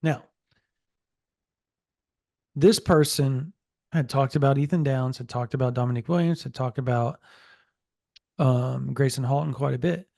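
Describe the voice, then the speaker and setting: A man co-hosting a sports podcast, telling a story in a casual, animated way and relaying a source's quotes. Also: mid-range voice, unhurried, gravelly, pauses often, no echo, clean studio sound. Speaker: podcast co-host.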